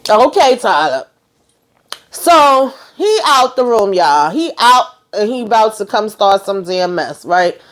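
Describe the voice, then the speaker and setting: Woman vlogger, casual TV-episode recap, animated and exasperated, swears freely, mid-pitched voice. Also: slow. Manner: animated, exasperated storytelling with frequent cursing.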